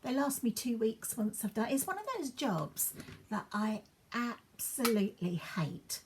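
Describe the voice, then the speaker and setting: A woman's voice: on the high side, animated, a little slow, noisy background. Chatty woman in her fifties. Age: 50s. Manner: chatty, rambling, drops into soft asides while working. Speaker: beauty vlogger. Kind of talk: chatty get-ready-with-me vlog.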